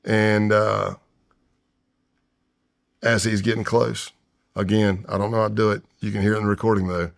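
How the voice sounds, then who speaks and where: Man, 50s, low gravelly voice, interview storyteller, acts out scenes. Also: level tone, moderate pace, long pauses. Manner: vivid storyteller, acts out his own past voice and whispers. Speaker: retired FBI undercover agent, podcast guest. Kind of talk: storytelling in a long-form interview.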